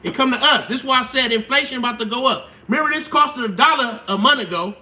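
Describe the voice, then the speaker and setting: A man, hosting a casual live stream explainer, slangy and animated, acting out quotes. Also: extremely high pitch, quick pace.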